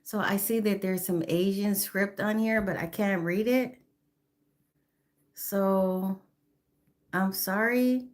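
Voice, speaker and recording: A woman's voice: medium pitch, steady tone, takes it slowly, long pauses. A woman in her fifties chatting on a phone live stream, greeting viewers by name and apologizing now and then. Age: 50s. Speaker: livestreamer.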